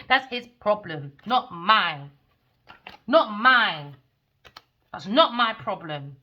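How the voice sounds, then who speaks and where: Brief: blunt woman tarot reader, profane, sharp bright tone. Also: a little high. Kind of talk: tarot reading rant.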